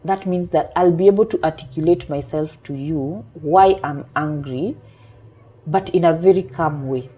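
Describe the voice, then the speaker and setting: A woman coach on a talk show, calmly explaining her point through everyday examples. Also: sits low, breathy edge. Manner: calm, measured explaining with examples. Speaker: emotional intelligence coach.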